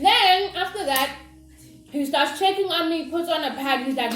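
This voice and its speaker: A young woman telling a personal story in a casual, animated, dramatic way, as a vlogger. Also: very high-pitched, moderate pace. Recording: roomy with faint noise.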